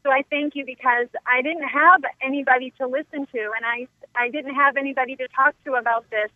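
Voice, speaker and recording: A woman calling in to a radio show by telephone, speaking gratefully and softly with many ums. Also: sits high, steady tone, fairly quick, no echo. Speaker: caller. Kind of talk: phone-in call to a radio show. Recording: tinny phone line.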